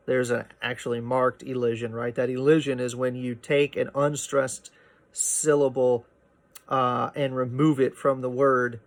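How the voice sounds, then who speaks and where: A man teaching a poetry lesson, explaining meter in a relaxed way, often checking in with "right?" and filling pauses with "uh" and "um.". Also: mid-range voice. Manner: explanatory, frequent "right?" and "uh" fillers. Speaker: literature teacher. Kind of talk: recorded poetry lecture.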